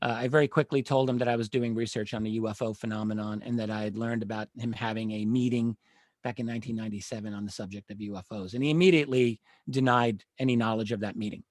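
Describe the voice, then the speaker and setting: A middle-aged man, a panel guest, telling a long story in a measured, earnest way and often pausing with uh and um. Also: lowish voice, steady tone, darkish tone, no room sound, studio quality. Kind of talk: live panel discussion, recounting a story.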